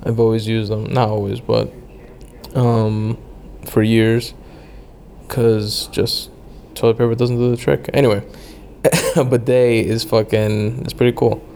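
A man's voice: lowish voice, flat delivery, a little slow, gravelly, a little mellow, a little hiss or hum. A young man chatting loosely about his travels, rambling with lots of fillers and casual swearing. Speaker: travel vlogger.

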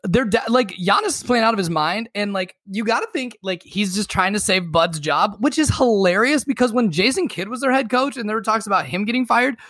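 A man co-hosting a sports podcast, talking in a joking, animated, profane way. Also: high-pitched, a little fast, hardly any pauses, no room sound, studio quality. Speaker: podcast co-host. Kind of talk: casual sports chat.

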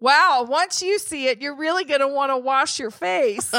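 A woman's voice: high-pitched, moderate pace, dry recording. A woman co-hosting a podcast, telling stories in casual chat and acting out the lines of other people. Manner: animated storyteller, acts out quotes. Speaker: podcast co-host.

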